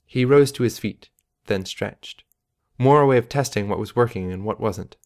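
A man reading an audiobook in measured, even scripted narration. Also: on the low side.

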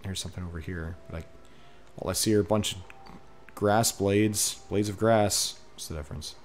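A man playing a photo game and giving casual commentary, talking excitedly to the creatures on screen. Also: low-pitched, normal speed, slight background noise. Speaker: gaming streamer. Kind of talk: casual let's-play commentary. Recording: faint game music behind. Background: faint game music.

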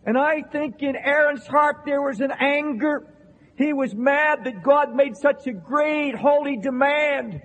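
A man preaching an impassioned sermon to a congregation in a church, repeating phrases and shouting at the peaks. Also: very high voice, unhurried, muffled recording. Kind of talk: fiery revival sermon. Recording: long reverberant hall sound.

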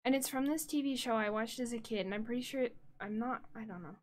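A woman livestreamer chatting casually and directly to her viewers, flustered and talking things through out loud. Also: fairly high pitch, quick pace. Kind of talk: casual live-stream chat.

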